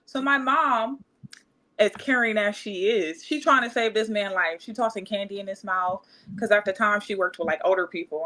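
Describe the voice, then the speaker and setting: A woman's voice: mid-range voice, moderate pace. A woman in her thirties, a podcast guest telling her life story casually and acting out the voices of the people in it. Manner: animated, acts out quoted voices.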